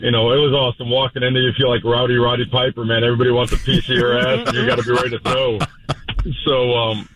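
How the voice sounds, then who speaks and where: A man's voice: mid-range voice, level tone, quick pace, a bit bright, slight background noise. A man, a head football coach, talking bluntly on a radio interview and breaking down plays in coaching jargon. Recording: tinny phone line.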